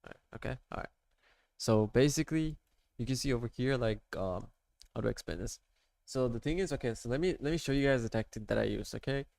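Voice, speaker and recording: This amateur trader talks fast and animatedly as he goes through his charts on a casual screen-share, full of "like," "okay?" and "right?" His medium-pitched voice is creaky and darkish, recorded with no room sound.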